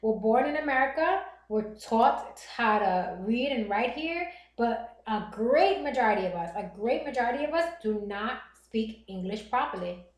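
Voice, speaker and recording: Middle-aged Puerto Rican Bronx woman, livestream host, rapid chatty delivery, roomy echo. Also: a little high, animated. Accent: Puerto Rican Bronx New York. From the Bronx, New York. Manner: fast-talking, chatty and reassuring. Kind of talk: casual chat reading viewer comments.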